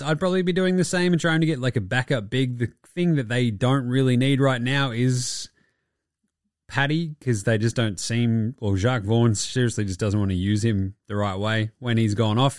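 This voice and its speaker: An Australian man in his twenties talks sport in a relaxed, blunt way, swearing often. His voice sits mid-range and is recorded dry, with no room sound around it. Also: mid-range voice, no echo. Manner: swearing, blunt, laid-back. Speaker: podcast host. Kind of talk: casual sports chat.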